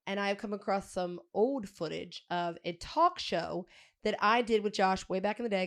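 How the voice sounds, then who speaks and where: A woman co-hosting a podcast, teasing and laughing in casual chat. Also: mid-range voice. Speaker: podcast co-host.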